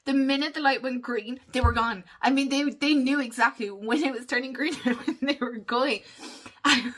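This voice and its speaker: An Irish woman in her thirties talks casually to her viewers, laughing easily between thoughts. Her voice sits a little high and has a bright, lively edge. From Ireland. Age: 30s. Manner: chatty, laughs often while talking. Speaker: vlogger. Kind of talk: casual chat.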